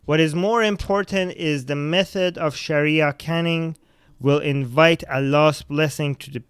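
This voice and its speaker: A man's voice: on the high side, steady tone, measured pace, smooth, no room sound, clean studio sound. A man who speaks English as a second language hosts a podcast, giving blunt, profane commentary on the news and reading out viewer comments. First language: not English. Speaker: podcast host.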